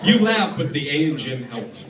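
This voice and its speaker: A man performing a deadpan stand-up set in a club, halting and restarting often, recorded by a phone in the crowd. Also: fairly high pitch, echoey room, recorded from a distance, heavy background noise. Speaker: stand-up comedian. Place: club hall with live audience laughing.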